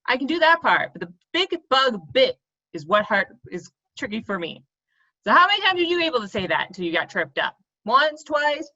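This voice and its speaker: A woman's voice: high voice, pushed and bright, muffled recording. A woman teaching a lesson for children, speaking playfully and laughing at herself when she stumbles over tongue twisters. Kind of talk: video lesson for kids.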